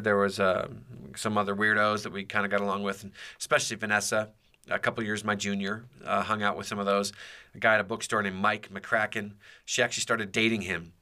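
Hosting his podcast, a man speaks in a fairly low pitch with a sharp tone. His personal story unfolds in a loose, rambling way, full of fillers and false starts.

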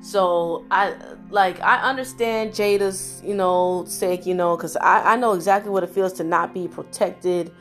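A young woman hosting a podcast, talking straight to her listeners in an animated way and laughing often. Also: fairly low pitch. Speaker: podcast host. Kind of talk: casual opinion monologue.

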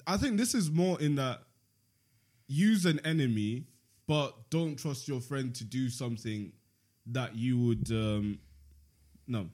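A man's voice: mid-range voice, a little mellow. A man hosting a casual chat, reading passages aloud and debating them with friends. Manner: playful, laughs often, reads in a measured voice. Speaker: podcast host reading from a book.

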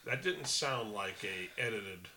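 Animated man chatting casually. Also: on the low side, slow, slight background noise. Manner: animated, laughs often, swears. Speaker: podcast co-host. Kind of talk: casual political chat.

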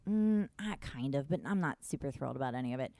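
A woman's voice: extremely low pitch, lively intonation, fast, vocal fry, dark tone, dry recording. A woman in casual chat, talking about dating in a wry, chatty way with lots of filler words.

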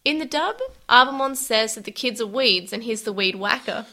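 A woman's voice: fairly high pitch, moderate pace, sharp tone. A woman co-hosting a casual chat, recapping episodes in a chatty, giggly way. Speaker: podcast co-host recapping an anime.

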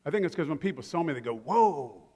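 Male pastor, sermon, conversational with humorous stories, slightly high voice, long church reverb. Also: lively intonation, fast, mellow, slightly rough. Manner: conversational preaching with humorous asides.

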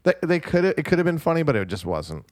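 A man co-hosting a casual movie review podcast, laid-back and quick to laugh. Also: fairly high pitch, big pitch swings, dry recording, clean studio sound. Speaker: podcast co-host.

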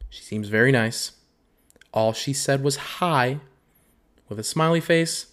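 A man's voice: mid-range voice, takes it slowly. A young man hosting a podcast, reading dating bios aloud and riffing on them with profanity and frequent laughter. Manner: profane, animated, laughs a lot. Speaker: podcast host. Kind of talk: casual comedic commentary.

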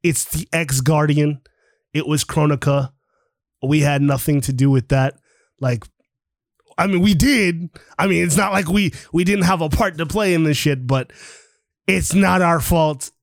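Male podcast host, slightly high voice, dry close sound; animated, profane, acts out the story's lines. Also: a little slow, no echo. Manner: animated, swears freely, acts out characters' lines. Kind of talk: casual retelling of a comic book plot. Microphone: online call.

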